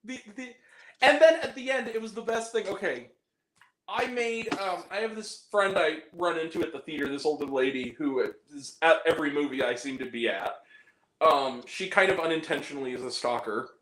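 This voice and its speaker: A man co-hosting a casual podcast chat about movies, animated, swearing freely and breaking into laughter and exaggerated reactions. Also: a little high, normal speed, roomy sound, low-quality recording. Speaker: podcast co-host.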